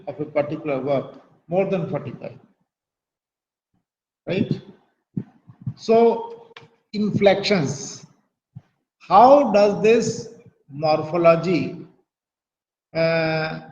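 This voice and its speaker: A man's voice: high-pitched, darkish tone, slight background noise. A middle-aged man with an Indian English accent giving a university lecture, explaining each point and checking with "right?". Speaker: guest lecturer, professor of English. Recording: dull, echoey lecture recording from a hall.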